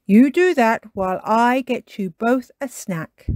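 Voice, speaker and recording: A woman reading a storybook aloud and voicing a patient father pig who speaks calmly and gently coaxes. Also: a little high, unhurried, dry recording, studio quality, pitched above the performer's own voice. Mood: kindly.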